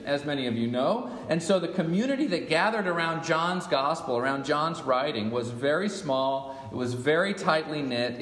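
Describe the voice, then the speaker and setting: A man's voice: on the high side, a bit bright. A man preaching a sermon to his congregation. He speaks with emphasis and often puts questions to his listeners. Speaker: pastor. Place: church sanctuary. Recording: echoey church hall with long reverb.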